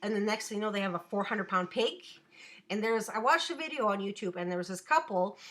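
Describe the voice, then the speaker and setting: A woman's voice: mid-range voice, quick pace, a bit bright. A young woman chatting casually on a home live stream, giggly and rambling as she reads the chat.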